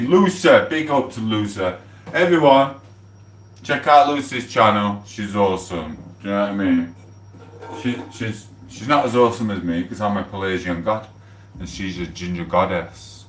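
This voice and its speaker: A man's voice: fairly low pitch, normal speed. A man, chatting casually and rambling on a live stream, swearing freely as he talks from his kitchen. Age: 40s. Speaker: livestreamer. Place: home kitchen. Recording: roomy echo, distant from the mic.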